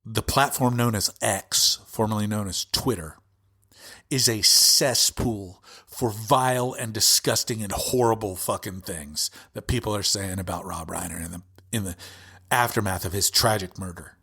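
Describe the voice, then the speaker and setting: A man's voice: fairly low pitch, moderate pace, pushed and bright, slightly rough. A male podcast host giving an impassioned, profane political rant with heavy emphasis.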